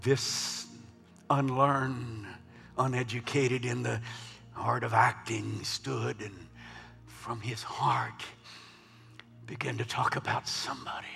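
A man preaching a sermon in a large church, swinging from hushed murmurs to loud shouts. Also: medium pitch, steady tone, slow, vocal fry, pauses often. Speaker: pastor. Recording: long hall reverb with faint music.

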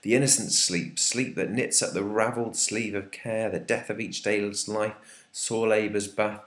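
A man reading out the lines of a guilt-haunted nobleman, in his own deep voice, slow and deliberate. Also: steady tone, a bit bright, close to an everyday voice. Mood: anguished. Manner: reads verse aloud, slow and deliberate. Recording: echoey room.

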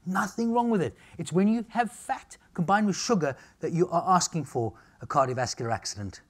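Here a middle-aged man lectures a live seminar audience on nutrition, brash and jokey, delivering punchy bursts and frequently tossing in "all right?" or "okay?" before moving along. His pitch is fairly high, his delivery expressive and fairly quick.

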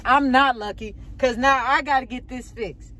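A young adult woman vlogs from her car, or beside it on a road, delivering a rambling, shaken rant and repeating herself as she vents. Her voice is high and sharp-toned, moving at a normal speed. Outdoor road noise fills the recording.

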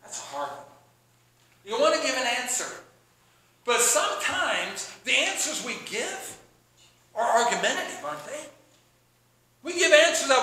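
A man preaching a sermon in an animated, excitable way, often acting out both sides of a conversation. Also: very high voice, a little slow, pauses often, heavy reverb, slight background noise, poor audio. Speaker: pastor.

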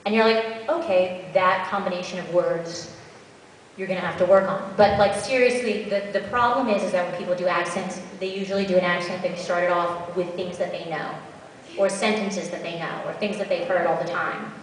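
With a fairly low pitch, steady tone, and moderate pace, this woman voice actor answers questions from a convention panel audience. She's chatty and practical, sprinkling in asides, and the mic sits far off in an echoey, large hall.

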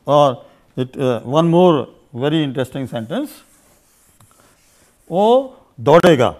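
In an unscripted grammar lecture, a teacher from India speaks at a moderate pace in a slightly high, slightly mellow voice with big pitch swings. He explains at length with plenty of "you see" and "uh," repeating example phrases in two languages.

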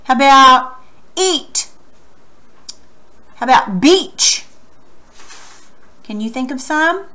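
A woman's voice: sits high, expressive, sharp tone. A woman teacher giving a recorded lesson to children, asking questions and drawing out words syllable by syllable in an encouraging way. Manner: slow, exaggerated syllable clapping; encouraging, asks students questions.

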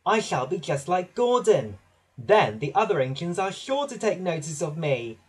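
A man voicing a small, eager male engine who speaks politely and shouts boastfully at times. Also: high-pitched, sing-song, normal speed, husky, heavily acted. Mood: excited.

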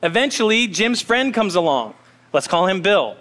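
A male pastor preaches in a relaxed, story-telling way, tossing asides to the congregation. His high voice rings out through a long church reverb. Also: moderate pace. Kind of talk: sermon. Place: church sanctuary.

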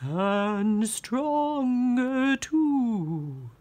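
A woman doing a slow, moaning ghost. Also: a little high, sing-song, darkish tone, heavily acted. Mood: boastful.

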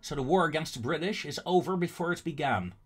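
A man's voice: a little high, animated, fast talker, slightly rough, soft background music. A man casually commenting on his own strategy gameplay, thinking aloud with fillers and frequent laughter.

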